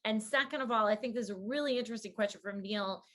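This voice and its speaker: A woman host talks in a frank, quick, chatty way, asking her guest questions. Her voice sits at an ordinary middle pitch for a woman. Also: fairly bright tone. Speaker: podcast host. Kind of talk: casual interview chat.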